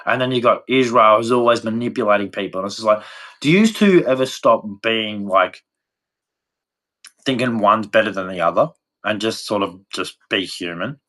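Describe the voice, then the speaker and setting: A man's voice: fairly low pitch, moderate pace, sharp tone. An Australian man from Australia giving a blunt, rambling opinion rant to camera, swearing freely. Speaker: vlogger.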